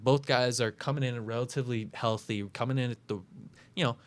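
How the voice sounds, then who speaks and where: A man's voice: mid-range voice, steady tone, a little fast. A man hosting a casual talk show, breaking down upcoming fights with lots of fillers and self-corrections. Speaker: podcast host making fight picks.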